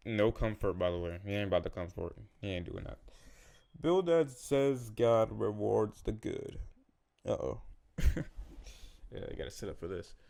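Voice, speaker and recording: A man's voice: low voice, a little mellow. A man reading scripture aloud in a casual way, earnest but with joking asides and small stumbles. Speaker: Bible reader. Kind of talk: casual Bible reading with commentary.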